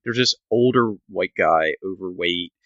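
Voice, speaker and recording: A man's voice: sits low, unhurried, fairly bright tone, no room sound. A middle-aged man on a podcast, telling a story as a rant and acting out what people said. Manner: ranting storyteller, acts out quotes. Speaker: podcast co-host. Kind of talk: casual chat. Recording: slightly dull, dry podcast mic.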